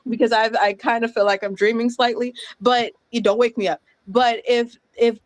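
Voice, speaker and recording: A woman's voice: a little high, steady tone, moderate pace, no room sound. A woman in her thirties giving emphatic, breathless reaction commentary and laughing between thoughts. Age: 30s. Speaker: co-host of a reaction stream.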